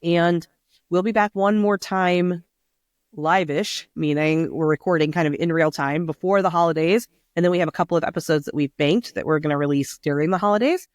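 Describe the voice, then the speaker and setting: A woman's voice: on the low side, a little fast, dry recording, studio quality. A woman co-hosting a podcast in casual chat, rambling and chatty, laughing often. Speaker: podcast co-host.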